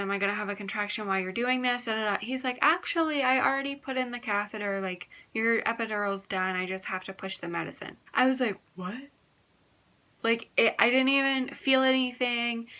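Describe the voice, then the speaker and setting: A woman's voice: mid-range voice, sharp tone. A young woman retelling her birth story in a casual, rambling way, full of "like" and quoted dialogue. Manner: fast, filler-heavy retelling with quoted dialogue.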